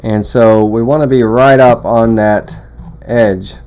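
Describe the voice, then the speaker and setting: A man walking through a woodworking software tutorial in a casual, rambling way, full of fillers and restarts. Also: medium pitch, fairly even intonation, takes it slowly. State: has the hiccups. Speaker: CNC woodworking instructor. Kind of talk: screen-recorded software tutorial.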